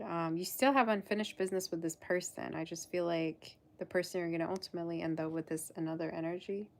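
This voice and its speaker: The tarot reader has a lowish voice that is a little mellow. During her live reading she chats loosely, drops in plenty of fillers and incomplete sentences, and keeps calling the listener "girl."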